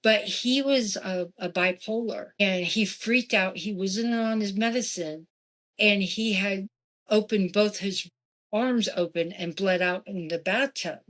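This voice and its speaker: A woman's voice: mid-range voice, a little slow. A woman telling a ghost story in conversation. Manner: animated, acts out quoted dialogue; frequent asides and restarts. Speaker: podcast guest. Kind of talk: casual personal storytelling.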